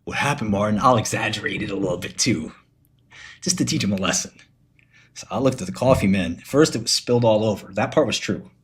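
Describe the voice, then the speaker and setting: A man's voice: on the low side, brisk, fairly bright tone, slight background noise. A man chatting casually on a livestream, profane and rambling, telling stories with mock menace. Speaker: streamer.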